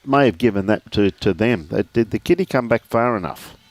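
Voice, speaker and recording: A man's voice: on the low side, expressive, fairly quick, no echo. A man giving live lawn bowls commentary, chatty and joking, often calling people "mate".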